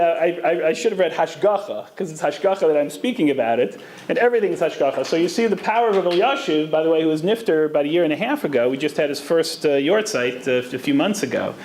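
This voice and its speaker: A man's voice: fairly high pitch, darkish tone. A man giving a lecture on Jewish law to an audience, telling stories and mixing Hebrew terms into his English. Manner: storytelling, Hebrew terms woven in. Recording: echoey room, faint background noise.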